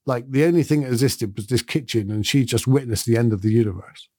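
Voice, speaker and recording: A man's voice: medium pitch, fast, darkish tone, no room sound, studio quality. A middle-aged man, a podcast host, giving a thoughtful and earnest reflective monologue in a conversational way.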